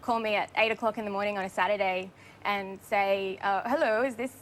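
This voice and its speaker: A woman's voice: mid-range voice, flat delivery, brisk, fairly bright tone, a little hiss or hum. A woman in her thirties with an Australian accent, a quiz contestant chatting easily and laughing often. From New South Wales, Australia. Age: 30s. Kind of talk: casual chat.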